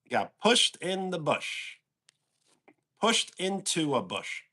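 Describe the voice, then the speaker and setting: A man's voice: high voice, very animated, slow, pushed and bright. A man with a New York accent, chatting casually on a livestream and answering viewers' comments. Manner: easygoing, answers chat questions aloud. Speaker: livestream host.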